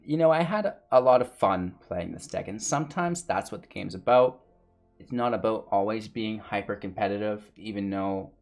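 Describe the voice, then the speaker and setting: A man's voice: lowish voice, darkish tone. A man giving casual gameplay commentary and a rambling channel outro, tired and a bit out of breath, with lots of fillers. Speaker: gaming YouTuber and streamer.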